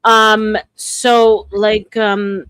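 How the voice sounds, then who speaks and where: A woman's voice: medium pitch, little pitch movement, very slow, a bit bright, clear, resonant tone, dry recording. A woman in her forties from New York hosting a casual live chat, talking in a chatty way with many restarts. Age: 40s. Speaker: livestream host. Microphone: phone.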